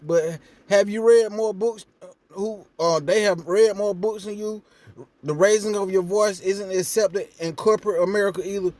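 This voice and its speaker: A man's voice: high voice, fairly even intonation, moderate pace, a little mellow, no echo. A young man hosting a casual reaction vlog, blunt and profane, his voice rising when he gets indignant. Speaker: commentary vlogger.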